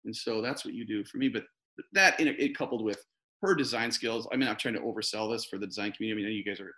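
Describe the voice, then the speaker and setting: A man's voice: lowish voice, racing, sharp tone. A man talking as a podcast guest in casual interview chat, earnest and rambling, often restarting his sentences.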